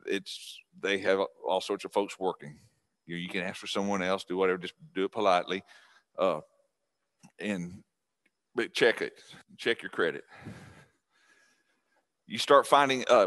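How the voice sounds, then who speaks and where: A middle-aged man with a drawl talks to a seniors' class in a relaxed, folksy way. His voice sits on the low side, and he often restarts and circles back as he goes. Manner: folksy and chatty, with restarts and laughs. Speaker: guest speaker on scam prevention. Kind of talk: casual class talk to seniors.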